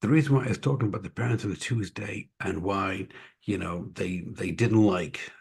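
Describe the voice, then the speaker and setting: A man's voice: low voice, moderate pace, creaky, darkish tone, husky. A man running an online tutoring company talks casually and energetically to parents on a livestream, with a mixed American-Scottish accent and lots of fillers and asides. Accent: American-Scottish mix. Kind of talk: casual live-stream talk to parents.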